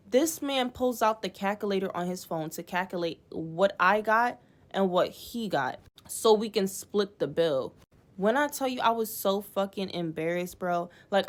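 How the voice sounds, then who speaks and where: A young woman recounts a bad date in a casual storytime, animated and exasperated, with frequent swearing. She acts out what others said as she goes. Her voice sits at an everyday pitch. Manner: animated, profane, exasperated retelling with acted-out quotes.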